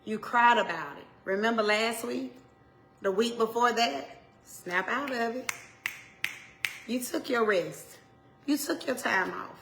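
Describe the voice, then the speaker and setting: Gravelly, bright-voiced woman preacher urging. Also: fairly high pitch, unhurried, pauses often, faint music behind. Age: 40s. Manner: emphatic and repetitive, swinging between loud urging and soft asides. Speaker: minister. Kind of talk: motivational preaching to viewers.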